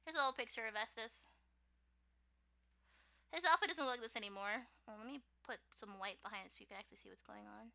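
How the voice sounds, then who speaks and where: A young woman with a squeaky, high voice chats on a casual livestream, rambling and filling her talk with "like" and laughter. Her tone is sharply bright. The recording sounds dull and lo-fi. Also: fast talker, gravelly, pauses often. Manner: rambling, full of "like", laughs often. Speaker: artist streaming her drawing work.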